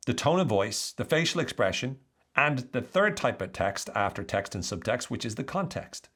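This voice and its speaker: A man with an Irish accent talks through his ideas on a solo podcast. His voice sits low, and he explains in an animated, lively way. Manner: explanatory, animated, acts out quoted lines. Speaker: podcast host.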